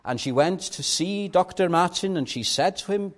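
A young man preaching a sermon earnestly, stressing key words, then dropping low. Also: expressive, moderate pace, hardly any pauses. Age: young adult. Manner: earnest, emphatic, swinging between loud stresses and soft drops.

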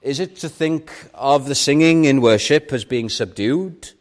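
A male preacher delivers his sermon in an unhurried, deliberate way. He lingers on key words and lets pauses hang. His voice sits at an ordinary middle pitch. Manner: earnest, measured, with dramatic pauses.

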